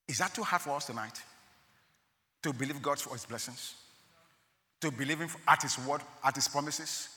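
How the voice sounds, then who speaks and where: A man preaching a sermon to an audience, swinging between loud, emphatic rises and quiet asides. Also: high voice, animated, normal speed. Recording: long hall reverb.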